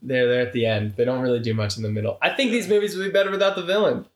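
A man's voice: mid-range voice, rapid-fire, roomy sound. A man co-hosting a casual movie review podcast, talking animatedly and slipping into mock voices. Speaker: podcast co-host.

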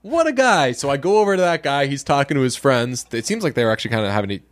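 A young man co-hosting a casual podcast chat, telling stories and quoting people in lively, jumping tones. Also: very fast. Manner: animated storyteller, jumps pitch to quote people. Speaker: podcast co-host.

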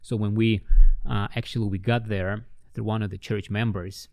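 A man telling ministry stories in an interview, with lively storytelling that acts out the voices of the people he met. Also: moderate pace, no echo, studio quality. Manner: animated, acts out quoted voices with big pitch jumps. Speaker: ministry worker.

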